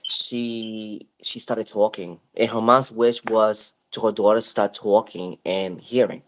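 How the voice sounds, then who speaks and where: Rambling, low-voiced man telling a story. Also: takes it slowly. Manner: rambling, animated retelling with many fillers. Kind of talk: casual chat, storytelling.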